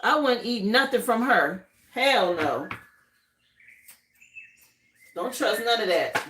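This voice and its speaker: A woman's voice: on the high side, lively intonation, takes it slowly, a bit bright, echoey room. A woman who grew up in Miami, doing a live tarot reading in a casual, drawling way, often asking "okay?". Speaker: tarot reader.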